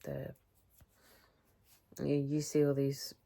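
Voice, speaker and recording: A woman's voice: low voice, monotone, slow, gravelly, warm tone. A middle-aged British woman talking through a casual weekly health update vlog, rambling and chatty, often interrupting herself. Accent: British English. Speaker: vlogger.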